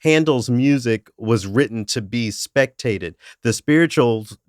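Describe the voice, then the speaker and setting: A man hosting a casual podcast conversation, making measured, thoughtful points and laughing easily. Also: mid-range voice, dry recording, clean studio sound. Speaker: podcast host.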